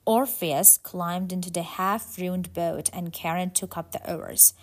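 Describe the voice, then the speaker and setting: Slow, deliberate woman storyteller. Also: fairly low pitch. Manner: slow, deliberate, softly dramatic. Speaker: narrator. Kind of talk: storybook narration.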